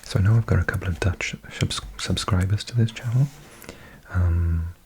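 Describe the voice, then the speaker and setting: A man's voice: deep voice, moderate pace, darkish tone, slight background noise. A man hosting his channel in a whispered ASMR style, musing to himself and repeating practice words aloud. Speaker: channel host.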